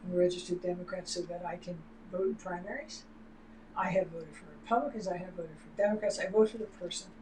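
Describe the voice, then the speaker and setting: A woman's voice: fairly low pitch, fairly even intonation, quick pace, darkish tone. Woman co-host, emphatic and fired up, casual discussion, roomy sound. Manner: emphatic and heated, swears. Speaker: livestream co-host. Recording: roomy with faint noise.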